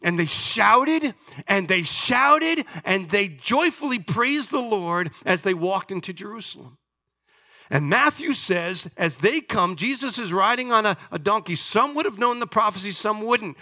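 A man pastor preaching a sermon, animated, swinging from loud declarations to hushed asides. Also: high-pitched, unhurried.

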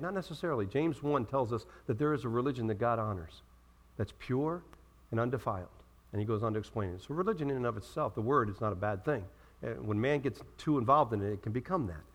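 This middle-aged male pastor talks fast in a mid-range voice, preaching an animated sermon that feels like a conversation and is full of rhetorical questions.

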